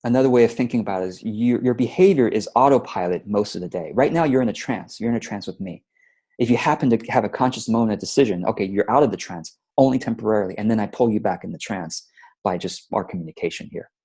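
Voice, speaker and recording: A man's voice: lowish voice, fast talker, dark tone, husky. A man hosting a productivity webinar in a casual, playful way, often acting out his own thoughts. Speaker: webinar host, productivity coach.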